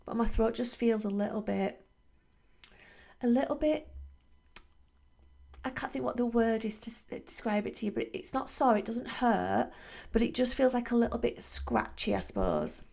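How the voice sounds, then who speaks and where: A woman's voice: a little high, moderate pace, vocal fry, long pauses, warm tone. A woman, hosting a wellbeing podcast in a chatty, reflective way full of fillers and restarts. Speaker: podcast host, wellbeing coach. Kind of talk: casual reflective monologue.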